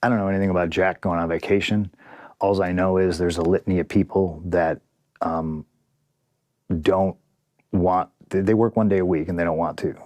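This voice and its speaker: A pro wrestler, interviewed as a guest, tells a story bluntly, profanely and with frustration, acting out the quoted dialogue. His voice is low, steady and a little mellow, at normal speed, and the recording is dry.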